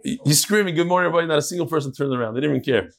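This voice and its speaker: A man teaching a daily Talmud class as a rabbi, animated and teasing, joking with his audience as he reads messages and sets riddles. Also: a little high, very fast, vocal fry. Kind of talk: Talmud lesson with joking banter.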